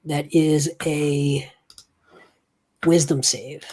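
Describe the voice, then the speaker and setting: A woman game master guides players through a tabletop game with a deep, low voice and slow, measured pace. She asks for saving throws, reads out damage, and describes the scene in an unhurried way. Her delivery stays relaxed and methodical.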